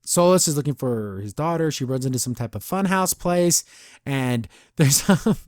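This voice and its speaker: A man's voice: mid-range voice, expressive, moderate pace, darkish tone, no echo, studio quality. Chatty man reviewing a cartoon episode. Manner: chatty, rambling, laughs often, says "I don't know" a lot. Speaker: podcast host.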